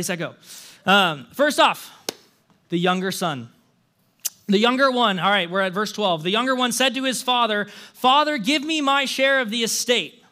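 Preaching a sermon, a young man reads a scripture passage and then addresses the congregation directly. His voice is high, pushed and bright. He sounds earnest and conversational, often restarting and adding "right?" as an aside.

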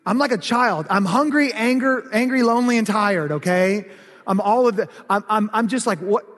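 High-voiced man preaching in a reverberant hall. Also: moderate pace. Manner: lively, animated preaching, grows heated and loud in places. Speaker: pastor. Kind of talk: sermon with personal storytelling.

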